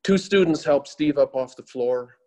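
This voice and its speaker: A man narrating a moral story in a slow, solemn, often quiet way. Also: fairly high pitch.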